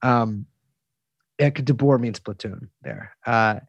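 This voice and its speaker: A man talks casually as an interview guest, circling back with restarts, fillers and plenty of swearing. His voice sits at a middle pitch and is recorded close and dry, with no room sound. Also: slow, no echo. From United States. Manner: rambling, many restarts and fillers, profane.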